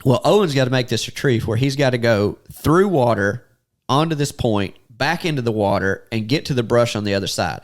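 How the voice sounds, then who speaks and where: Animated man telling a hunting story. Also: fairly quick. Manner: animated, acts out quotes with sudden high-pitched outbursts. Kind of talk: casual storytelling.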